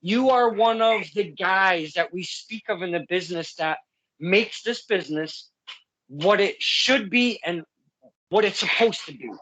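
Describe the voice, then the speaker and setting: A man's voice: high voice, measured pace, bright, forceful tone, rough recording. A man hosting a casual interview, effusive and heartfelt, rambling with many restarts. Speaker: podcast host.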